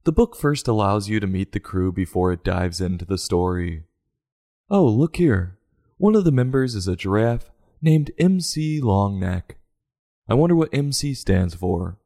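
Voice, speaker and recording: A man's voice: on the low side, very animated, measured pace, warm tone. A man giving a comedic, sarcastic review of a children's book in a mock-exasperated way.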